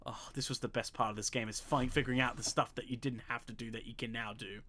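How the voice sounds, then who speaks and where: A man's voice: medium pitch, steady tone, fast, sharp tone, slight background noise. A man hosting a game walkthrough, chatting casually as he plays, thinking aloud with jokey asides. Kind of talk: casual gameplay commentary.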